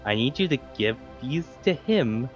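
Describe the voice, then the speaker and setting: A man's voice: mid-range voice, lively intonation, a little slow, highs cut off, soft background music, voice pushed up, close to an everyday voice. A man playing a courteous, earnest adventurer.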